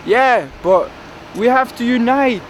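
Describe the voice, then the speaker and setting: Man playing a high-voiced, boastful dreamer, rambling over loud street noise. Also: slow pace. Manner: rambling, boastful, full of fillers. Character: grandiose, dreamy young man with big ambitions. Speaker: interviewee. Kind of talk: comedic street interview. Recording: outdoor traffic noise.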